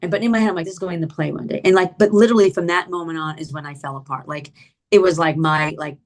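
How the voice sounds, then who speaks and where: Animated middle-aged woman, low voice. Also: quick pace. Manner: animated, acts out quoted dialogue with big pitch jumps; frequent "like" and "you know" fillers. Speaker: guest. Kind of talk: personal storytelling in an interview.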